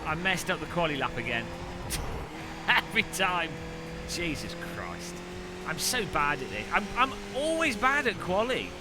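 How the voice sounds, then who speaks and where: A man's voice: sits high, very animated, a little slow, heavy background noise. A man live-streaming a racing game, chatting jokily with viewers in a casual way. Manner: jokey, chats with viewers, mock French phrases.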